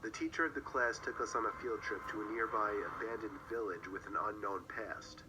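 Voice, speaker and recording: Low-voiced man telling a story, noisy recording. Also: fairly quick. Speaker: story narrator. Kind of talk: first-person story reading.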